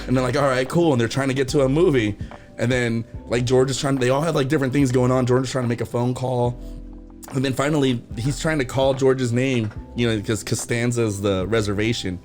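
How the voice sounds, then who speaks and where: A man co-hosting a loose podcast chat, retelling sitcom scenes with lots of energy. He jumps into goofy voices for the characters as he goes. Faint music plays underneath. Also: medium pitch. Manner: animated storyteller, acts out sitcom scenes in silly voices. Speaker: podcast co-host. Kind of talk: casual chat.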